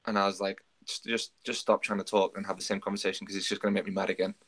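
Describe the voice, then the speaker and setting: A man's voice: low-pitched, little pitch movement, very fast, fairly bright tone. A man co-hosting a podcast, telling a story in casual chat and acting out the quoted dialogue. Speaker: podcast co-host.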